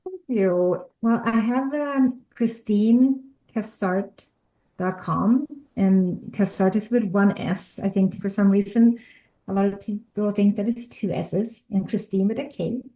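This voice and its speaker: A woman author and life coach speaking as an interview guest, earnest and reflective, sometimes halting. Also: medium pitch, warm tone, roomy sound, poor audio. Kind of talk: interview chat.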